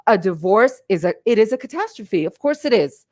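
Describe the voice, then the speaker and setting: A middle-aged woman speaks to her livestream audience in a passionate, emphatic talk. She repeats words for weight and pushes her points with feeling, in an ordinary mid-pitched woman's voice picked up by a webcam mic. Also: big pitch swings, fairly quick, a little mellow. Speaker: life coach and livestream host. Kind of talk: live-streamed motivational talk.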